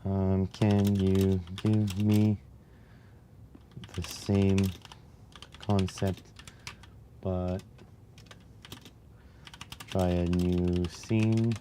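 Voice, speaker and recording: Slow, mellow-voiced man losing his voice. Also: low voice, little pitch movement, slight background noise. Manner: mutters to himself and answers chat between pauses. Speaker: live-stream host. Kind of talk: casual live-stream chat while coding. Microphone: clip-on mic near the chest.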